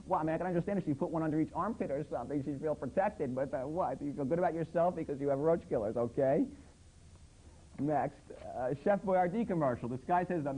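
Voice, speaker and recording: This comedy host's voice runs on the high side and is mellow, his delivery a little fast as he sarcastically lampoons commercials on his public access show, imitating the ads in mock voices with disbelief. He is in a TV studio under hot lights. The poor audio carries a little hiss or hum.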